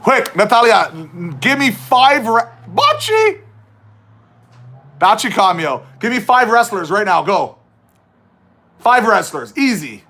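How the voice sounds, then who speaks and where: A man's voice: high voice, expressive, a little slow, pushed and bright. A man hosting a casual livestream chat, reading viewer questions aloud and teasing his guest. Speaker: livestream host.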